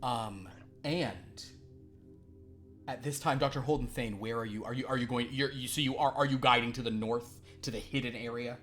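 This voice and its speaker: A man's voice: medium pitch, moderate pace, fairly bright tone, faint music behind. A man narrating a tabletop role-playing game as game master, playful and rambling with frequent restarts. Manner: playful, rambling, self-correcting.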